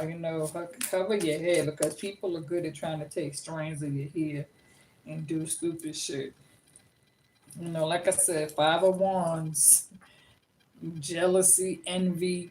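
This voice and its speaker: Woman in her 50s doing a chill tarot reading, lowish voice, swears a lot then says sorry, real chatty. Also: slight background noise. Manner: blunt and chatty, swears freely, then apologizes. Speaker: tarot reader. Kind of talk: casual tarot reading chat.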